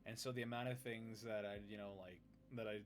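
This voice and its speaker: A man's voice: fairly low pitch, steady tone, a little fast, slight background noise. A man from California hosting a casual chat, laid back and trailing off with fillers. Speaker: podcast host, streamer.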